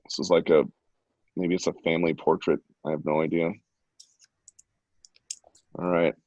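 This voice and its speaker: A man's voice: sits low, level tone, normal speed, darkish tone, dry recording, lo-fi sound. A man hosting an online art class over a video call, giving playful, joking running commentary. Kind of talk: casual live-stream teaching.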